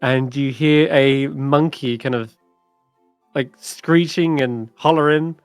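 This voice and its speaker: A man narrating as dungeon master in a tabletop game, chatty and animated. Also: mid-range voice, slow, clear, resonant tone, no room sound, soft background music.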